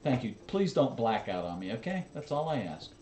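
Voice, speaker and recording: A man's voice: medium pitch, big pitch swings, moderate pace, a little mellow, a little hiss or hum. An American man chatting casually as he watches drone footage with his viewers, rambling through asides and chuckles. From United States. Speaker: channel host. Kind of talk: casual reaction commentary.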